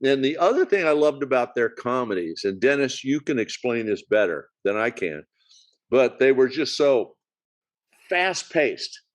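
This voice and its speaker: A man's voice: mid-range voice, very animated, moderate pace. A man co-hosting a podcast, talking casually about old films with many fillers and restarts. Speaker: podcast co-host. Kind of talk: casual film discussion.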